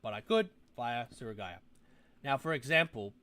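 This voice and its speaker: Young Aussie male streamer, casual and rambling, mid-pitched, chatty asides. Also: expressive, moderate pace, sharp tone. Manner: rambling, talks to chat while browsing, mutters asides. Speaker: toy review livestream host. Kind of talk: casual livestream chat.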